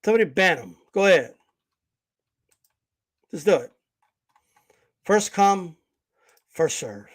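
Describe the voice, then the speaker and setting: Brief: high-voiced man, livestream host, blunt and confrontational rant. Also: big pitch swings, slow, pauses often. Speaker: boxing channel host.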